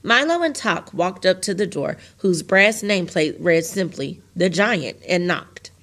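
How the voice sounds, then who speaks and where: A woman's voice: fairly low pitch, unhurried. Woman reading a storybook aloud. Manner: steady, plain storytelling with small slips. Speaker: teacher reading to a class. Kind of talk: reading a novel chapter aloud.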